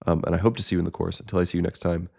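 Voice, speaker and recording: A man's voice: low-pitched, little pitch movement, very fast, vocal fry, a little mellow. A man who teaches courses, talking casually and earnestly to his viewers, rambling with many fillers and restarts, from his own recording studio. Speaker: course instructor. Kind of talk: casual solo talk to viewers.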